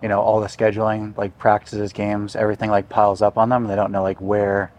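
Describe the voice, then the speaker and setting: A young man coaching on a casual podcast, talking in a relaxed way full of "like" fillers. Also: lowish voice, fairly quick, muffled recording. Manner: relaxed, filler-heavy, lots of "like".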